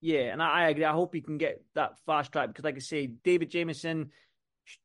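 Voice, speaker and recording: A man's voice: a little high, fairly quick, fairly bright tone. A man co-hosting a podcast, chatting about boxing with enthusiasm and lots of repeated words. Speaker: podcast co-host. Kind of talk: casual boxing chat.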